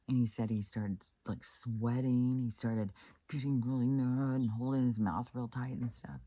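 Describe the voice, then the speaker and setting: Man from Kansas, casual storytelling, husky voice, rambling with fillers. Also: medium pitch, fairly even intonation, normal speed, dark tone, dry recording. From Kansas, United States. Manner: rambling, many fillers and restarts. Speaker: channel host.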